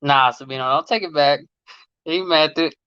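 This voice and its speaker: A laid-back man in his late thirties chats with his livestream viewers in easygoing slang, his voice sitting a little high for a man. He laughs often. The phone mic gives a dull, dry, close sound. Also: normal speed, bright, forceful tone, smooth, no echo. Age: late 30s. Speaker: livestream host and mechanic. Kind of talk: casual livestream chat reading viewer comments.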